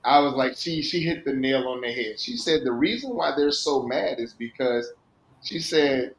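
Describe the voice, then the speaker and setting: A man's voice: medium pitch, lively intonation, normal speed, echoey room, poor audio. A man hosting a podcast, casually retelling a story at length with filler words. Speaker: podcast host.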